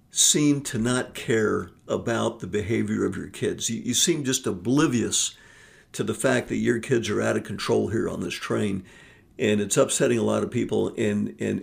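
A man's voice: medium pitch, creaky. A man voicing an indignant older man who firmly confronts a stranger.

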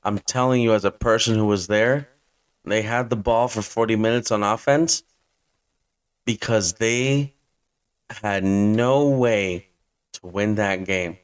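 A man's voice: on the low side, slow, long pauses, clean tone. A man in his twenties hosting a fantasy football podcast, ranting hyped-up and blunt, with some swearing. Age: 20s. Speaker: podcast host.

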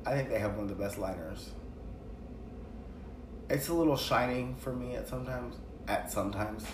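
A man chatting casually and telling animated stories while doing makeup with a friend. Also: medium pitch, moderate pace. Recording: echoey room, distant mic, noisy background.

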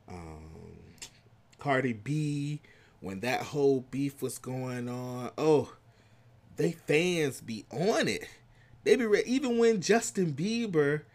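Animated man with lively, swooping delivery. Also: medium pitch. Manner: animated, slangy, swings from loud to hushed. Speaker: commentary vlogger. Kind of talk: casual reaction commentary.

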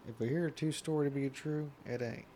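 A man's voice: a little high, a little fast, warm tone, slight background noise. A man chatting casually and profanely while watching a film, enthusiastic about the scenes. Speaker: movie watch-along commentator. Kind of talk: casual chat over a film.

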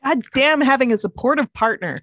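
A woman's voice: high voice, a little fast, no echo. A woman, co-hosting a podcast in casual chat and laughing often as she tells stories. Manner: laughs often, animated storytelling. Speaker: podcast co-host.

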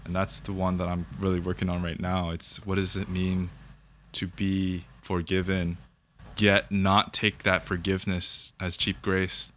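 A young man calmly sharing his faith story in conversation, thinking aloud and often checking in with "right?". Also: low voice, measured pace, slight background noise. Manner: reflective, thinks aloud with fillers and repeated "right?". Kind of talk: casual conversation about faith.

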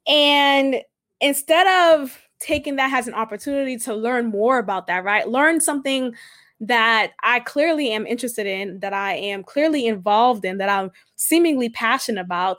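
A woman's voice: on the high side, moderate pace. A young adult woman hosting a casual solo podcast, talking emphatically and often tagging her points with "right?". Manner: emphatic and animated, keeps asking "right?". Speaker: podcast host.

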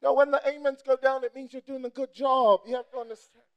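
High, gravelly-voiced fiery woman preacher. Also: fairly even intonation, fast, highs cut off. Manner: shouting, repetitive, sassy preaching to a congregation. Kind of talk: fiery sermon.

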